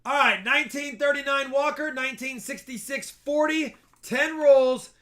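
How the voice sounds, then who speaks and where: A man's voice: very high voice, normal speed, fairly bright tone. A man hosting a casual live stream, chatty and joking as he thanks donors. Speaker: livestream host.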